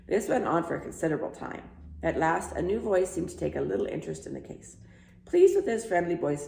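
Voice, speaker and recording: Gravelly woman reading a children's story. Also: deep voice. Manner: voices each character, lively. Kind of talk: reading a children's book aloud. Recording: echoey room, faint hum.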